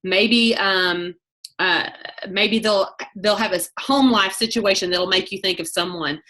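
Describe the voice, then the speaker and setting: Bright-voiced fast-talking woman leading a call. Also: mid-range voice. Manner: fast, chatty, self-interrupting. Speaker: network marketing team leader. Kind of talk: team training call.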